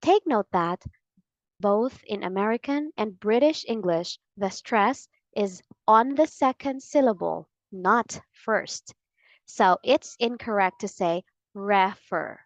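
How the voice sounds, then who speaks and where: Slow, deliberate woman teaching pronunciation. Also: medium pitch, dry recording. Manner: clear, deliberate, drawn-out model words. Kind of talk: slow scripted pronunciation lesson.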